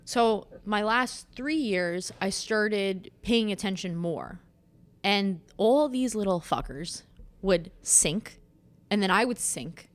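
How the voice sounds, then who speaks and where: A woman's voice: medium pitch, expressive, slow pace. A young adult woman co-hosting a casual podcast chat, blunt and swearing freely. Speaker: podcast co-host.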